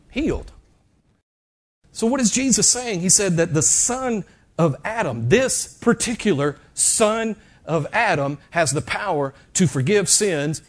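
High-voiced pastor preaching dramatically. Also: male voice. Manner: animated, dramatic storytelling with shifts in loudness. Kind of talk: sermon. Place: church.

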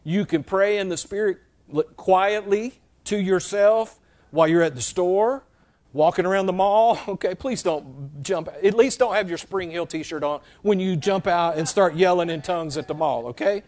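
A man's voice: sits high, normal speed, darkish tone. A middle-aged man preaching a conversational teaching sermon as a pastor, checking in often with his listeners.

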